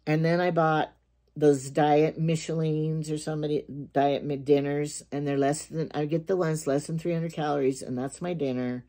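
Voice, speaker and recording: A woman's voice: deep voice, level tone, normal speed, warm tone. An older woman with grandkids, talking casually to camera in a rambling, chatty way and telling jokes. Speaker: vlogger.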